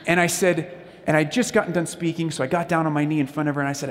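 A man's voice: on the high side, fairly even intonation, quick pace, long reverb tail. A man giving a sermon-style talk on parenting, telling stories conversationally and speaking straight to the audience. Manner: conversational storytelling, addresses the audience directly.

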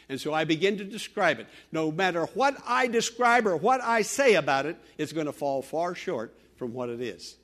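A male pastor preaching a radio sermon, telling personal stories in an earnest way, rising to loud exhortation and dropping to hushed tones. He grew up in Western Pennsylvania. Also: fairly high pitch, sing-song, moderate pace, few pauses.

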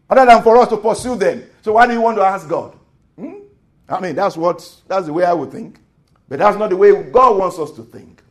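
A male pastor preaching, his voice sitting a touch high for a man. He repeats key phrases and fires rhetorical questions at the listeners, sinking to a near hush before climbing back to a strong, raised delivery. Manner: repeats phrases, asks rhetorical questions, swings from soft to loud. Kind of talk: sermon.

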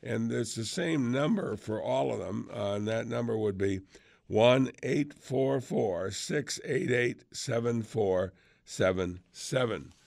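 A man hosts a call-in radio show with a gravelly voice. He chats and jokes easily with callers, and the studio sound is dry and close. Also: medium pitch, slow, darkish tone, dry recording. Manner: chatty, joking, laughs easily. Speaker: radio talk show host.

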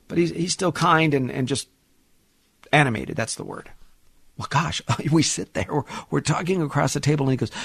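Gravelly talk radio host telling stories. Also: male voice, mid-range voice, no echo. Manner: animated, chatty storyteller with many restarts. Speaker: radio show host and financial advisor. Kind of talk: radio talk show storytelling.

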